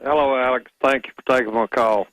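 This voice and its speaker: A man calling in to a radio talk show, speaking in a measured, storytelling way. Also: medium pitch, steady tone, a bit bright, no room sound, rough recording. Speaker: caller. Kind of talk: phone-in radio call.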